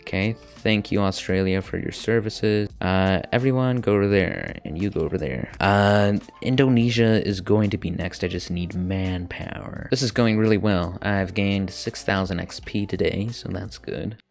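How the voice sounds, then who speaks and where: A man's voice: low voice, normal speed, few pauses. A young man giving casual, jokey gameplay commentary on a desk mic, swearing bluntly as he plays. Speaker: gaming YouTuber.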